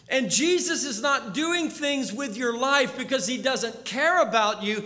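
A man preaching a sermon as a storyteller, dropping to a hush and then rising to urgent pleas. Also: very high voice. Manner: storytelling, swings from hushed to urgent. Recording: long hall reverb.

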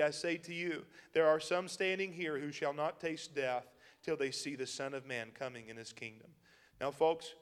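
A man preaching a sermon as pastor, with an emphatic, chuckling delivery. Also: on the high side. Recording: long hall reverb.

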